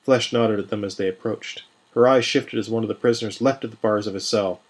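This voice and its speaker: Husky male fantasy storyteller. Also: on the low side, fairly even intonation, a little fast. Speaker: podcast storyteller. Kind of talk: scripted fantasy narration.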